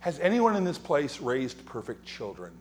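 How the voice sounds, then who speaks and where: A male pastor delivers a sermon in a church sanctuary. His voice sits a little high and swings widely in pitch as he tells funny stories and acts out whispered gossip. He talks like a storyteller, building to punchlines. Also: normal speed. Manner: animated, joking storyteller who acts out quotes and whispers.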